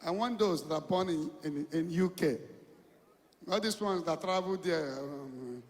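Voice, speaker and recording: A man's voice: on the high side, a little slow. A Nigerian man preaching as an evangelist, coaxing his congregation and repeating phrases as he calls people to stand. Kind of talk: sermon with congregation call-and-response. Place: large church hall. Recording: long reverb of a church hall.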